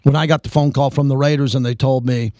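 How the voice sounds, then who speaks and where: A man hosting a sports radio talk show, speaking emphatically and building excitement. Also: medium pitch, fast, dry recording, studio quality. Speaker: radio host.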